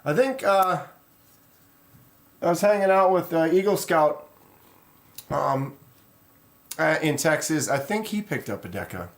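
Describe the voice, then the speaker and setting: A man talks loosely and at length on a home live stream, drifting from point to point and greeting viewers by name as he goes. His voice sits a little high for a man, and his delivery stays easygoing and unscripted. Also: unhurried, long pauses. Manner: relaxed, rambling, reads chat aloud. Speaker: knife channel host. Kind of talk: casual live stream chat.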